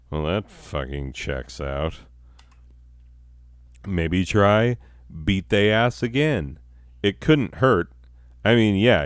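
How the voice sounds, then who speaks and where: Man, very low voice, unhurried, sardonic and profane, dry close sound. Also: dry recording. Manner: sardonic, swears a lot, laughs at his own bits. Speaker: comedy podcast host. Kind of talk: profane satirical monologue.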